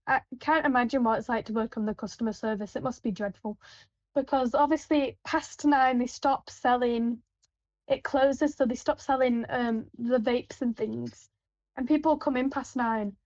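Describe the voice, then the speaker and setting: Rambling high-voiced woman. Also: steady tone, moderate pace, a little mellow, no room sound. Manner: rambling, with frequent fillers and restarts. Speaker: supermarket till worker. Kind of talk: casual anecdotal chat. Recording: dull, lo-fi, dry.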